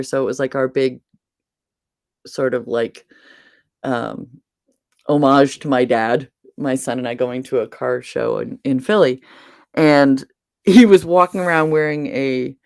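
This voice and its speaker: A woman's voice: deep voice, dry recording, studio quality. Chatty middle-aged woman from New England. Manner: chatty, animated storyteller who laughs often. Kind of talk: casual chat.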